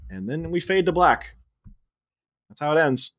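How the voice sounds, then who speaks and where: A man's voice: on the high side, very animated, a little slow. A man in his thirties, a podcast co-host, casually retelling a film's plot scene by scene and laughing along. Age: 30s. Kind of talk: casual chat.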